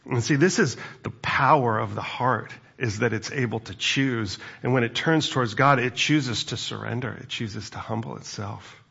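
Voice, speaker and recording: A male pastor preaches in an earnest, reflective tone, often restarting his phrases. His voice is gravelly and husky. The recording is dull and lo-fi. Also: medium pitch, moderate pace, hardly any pauses, sharp tone. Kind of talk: sermon.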